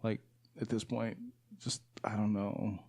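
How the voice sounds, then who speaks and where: Man, podcast co-host, low voice, animated, profane storytelling, dry recording. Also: measured pace, no echo. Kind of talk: casual movie review chat.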